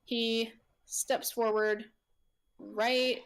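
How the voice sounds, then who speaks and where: Halting woman game master, fairly high voice. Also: little pitch movement, vocal fry. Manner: halting, with many fillers and frequent laughs. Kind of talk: narrating a tabletop game.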